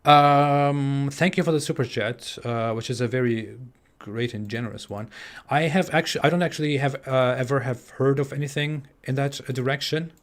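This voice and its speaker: A young man in his twenties with a German accent hosts a casual live stream from home. He reads viewer messages aloud and answers them in a halting, searching way, full of fillers and false starts. His voice sits at an ordinary middle pitch. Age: 20s. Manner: hesitant, many fillers and restarts. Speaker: livestream host. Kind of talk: live-stream chat reading super chats. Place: home in the US Midwest.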